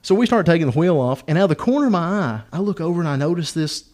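A man's voice: on the high side, animated, very fast, a little mellow. Rambling man telling a story. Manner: rambling, laughs often, plays up the joke. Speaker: podcast host. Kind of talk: casual storytelling.

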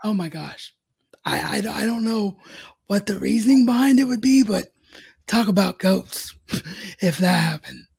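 A woman co-hosting a casual chat over a remote call, with a gravelly, husky voice. She is agreeable, often chiming in to agree, and steers the conversation back on track. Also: mid-range voice, lively intonation, a little slow, pauses often, a little mellow. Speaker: podcast co-host.

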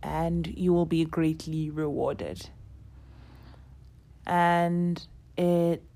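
A young woman telling a personal story in a casual, animated way, acting out what people said. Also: lowish voice, very slow. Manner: animated, acts out quoted dialogue, laughs often.

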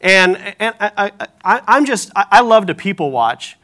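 A man preaching a sermon as pastor, telling animated stories with self-deprecating humor. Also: sits high, moderate pace.

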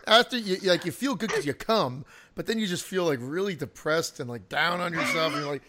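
A man's voice: on the high side, expressive, fairly quick, sharp tone. A man in casual podcast chat who rambles, laughs often and makes crude jokes. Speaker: podcast co-host.

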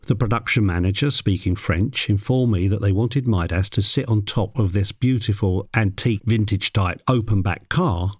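A man's voice: moderate pace, few pauses, darkish tone, dry recording. A man recalling a work story in a dry, wry storytelling manner. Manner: mimics a parrot in a high voice. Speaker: animal handler telling a story. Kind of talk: personal anecdote narration.

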